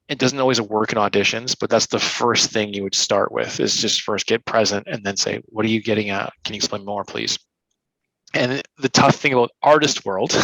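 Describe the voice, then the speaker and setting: Bright-voiced man giving coaching advice. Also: mid-range voice, gravelly, dry recording, low-quality recording. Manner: energetic, acts out little scenes in quoted voices. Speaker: speaker and coach. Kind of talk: interview answers, coaching advice.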